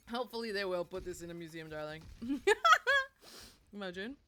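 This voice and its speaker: A woman's voice: lowish voice, moderate pace, slight background noise. A young woman streaming, chatting casually and rambling to her viewers. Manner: chatty and rambling, talks to chat. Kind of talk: casual live-stream chat.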